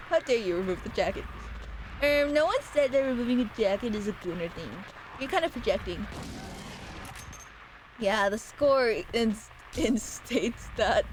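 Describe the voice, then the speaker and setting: A woman streaming a game, chatting with her chat in a playful, rambling, teasing way, with sudden squeaky yells. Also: a little slow, noisy background. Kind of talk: casual gaming livestream chat.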